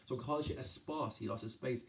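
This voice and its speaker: Speaking a little fast at medium pitch, an Irish-accented man teaches an exam-prep lesson, walking through a poem line by line. He switches between Irish and English and frequently restarts his sentences.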